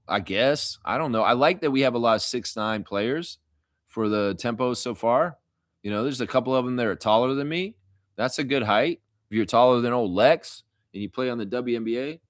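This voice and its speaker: A man's voice: mid-range voice, lively intonation, moderate pace, dry recording, studio quality. A man hosting a casual live stream, reading chat comments and rambling with jokes and laughter.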